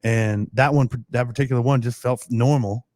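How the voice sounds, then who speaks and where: A man's voice: medium pitch, steady tone, normal speed, darkish tone, no echo, studio quality. A young man, a pro football player, telling stories as a podcast guest, rambling and laughing often, with casual cursing.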